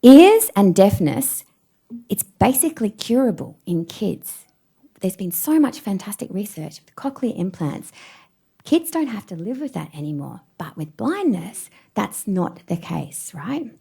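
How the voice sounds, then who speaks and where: Speaking a little slowly in a mid-range voice that's creaky and husky, a woman in her forties from Australia gives a keynote talk on stage. Her personal stories are lively and self-mocking, punctuated by frequent laughter.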